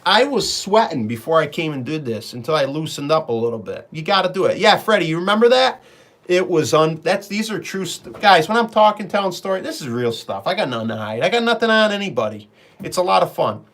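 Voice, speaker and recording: A man's voice: a little high, very animated, brisk, a bit bright. A middle-aged man, chatting casually on a live stream, rambling through stories and talking to viewers by name.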